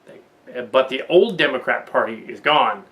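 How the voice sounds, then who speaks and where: A man's voice: medium pitch, lively intonation, normal speed, fairly bright tone. A man hosting a casual political commentary monologue, rambling with frequent restarts and laughing at his own jokes. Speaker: host.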